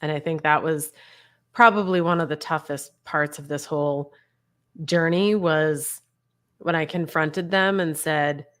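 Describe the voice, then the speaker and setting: A woman's voice: sits low, fairly even intonation, measured pace. A woman in her forties, a mother, frankly telling her family's story as an interview guest over a video call, talking conversationally with light laughs. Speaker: guest, mother of a bullied son. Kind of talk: candid personal story in an interview.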